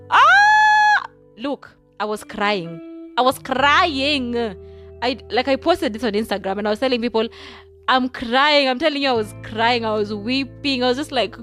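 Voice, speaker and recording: A woman's voice: fairly high pitch, a bit bright. Effusive young Kenyan woman podcaster. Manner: chatty, effusive, switches between English and Swahili. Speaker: podcast host. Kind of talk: casual solo podcast monologue.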